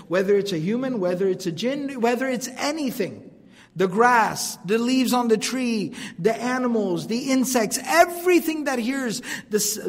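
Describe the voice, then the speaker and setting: Male preacher, high and fast, animated lecture style with casual asides, recorded in a reverberant hall. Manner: quick, animated, mixes in recited scripture and casual asides. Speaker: preacher teaching a lecture series. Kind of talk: religious lecture.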